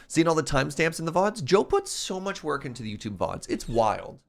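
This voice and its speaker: A man's voice: a little high, big pitch swings, a little fast, vocal fry, few pauses. A young adult man thinking aloud in casual commentary while streaming a modded block game. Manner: thinking aloud, rambling and musing.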